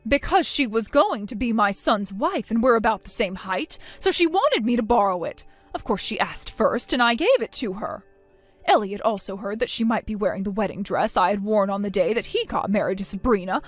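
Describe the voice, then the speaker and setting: A woman's voice: mid-range voice, expressive, fairly quick, no echo, soft background music, voice pushed down, natural voice. A woman playing a stern, scolding mother. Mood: explaining. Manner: harsh, contemptuous scolding. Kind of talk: voiced text-story drama.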